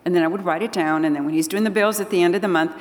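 An older woman with a fairly low voice tells personal stories to a church audience. She is lively and animated, playing out each conversation. Her voice rings with long reverb, as in a large hall. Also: rapid-fire. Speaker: speaker at a church gathering. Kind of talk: storytelling talk to an audience.

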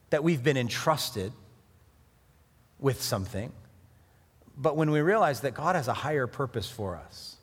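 A middle-aged man preaching a sermon in a conversational, animated way, with sudden emphatic rises. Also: medium pitch, a little slow, long pauses, husky. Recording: hall reverb.

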